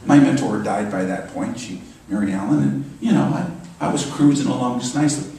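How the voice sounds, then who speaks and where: A man delivering a sermon as a minister, animated and emphatic, often repeating his phrases. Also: medium pitch, a little fast, gravelly, few pauses. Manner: animated, emphatic preaching with repetitions. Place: church sanctuary. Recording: echoey church hall from far off.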